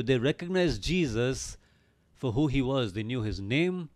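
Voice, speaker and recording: A man's voice: medium pitch, expressive, unhurried, a little mellow. A man teaching a Bible story in an earnest, emphatic way, often asking the listener rhetorical questions.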